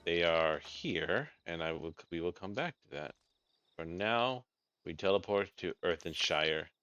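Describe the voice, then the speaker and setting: Man, deep voice, bright tone, casual game commentary, thinks aloud, faint game music behind. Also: animated, unhurried, clear, resonant tone, highs cut off. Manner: thinks aloud, self-correcting. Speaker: let's play host.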